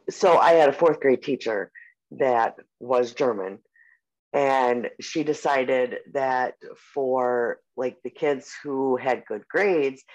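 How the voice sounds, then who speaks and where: A podcast co-host in their forties, chatting casually with lots of fillers and easy swearing. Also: medium pitch. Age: 40s. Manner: rambling, full of "like" and "um", casual swearing. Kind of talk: casual chat. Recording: muffled lo-fi audio.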